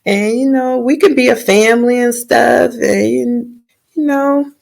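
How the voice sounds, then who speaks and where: A woman voicing a young male knight who pleads in a halting, rambling way. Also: on the high side, steady tone, creaky, a little mellow, pitched above the performer's own voice. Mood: pleading.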